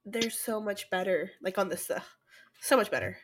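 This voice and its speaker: A woman co-hosting a podcast, chatting casually and eagerly chiming in on stories. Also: mid-range voice. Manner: chatty, quick to laugh along. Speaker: podcast co-host. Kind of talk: casual chat.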